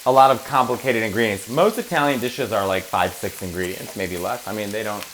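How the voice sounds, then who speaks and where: A man's voice: on the low side, brisk, background noise. A young man, a guest on a cooking show, chatting in a kitchen in a playful, joking way. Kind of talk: casual cooking chat.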